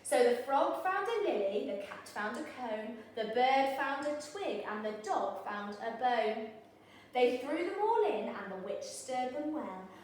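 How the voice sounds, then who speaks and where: A woman teacher reading a picture book aloud in a lively, expressive, sing-song way. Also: high voice, measured pace, distant mic, a little hiss or hum. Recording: very echoey room, voice off-mic.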